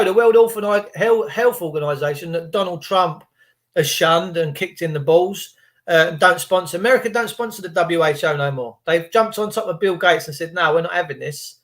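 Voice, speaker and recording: Rambling vlogger, high for a man, cheeky asides, swings between quiet mutters and loud emphasis. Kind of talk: rambling monologue to camera.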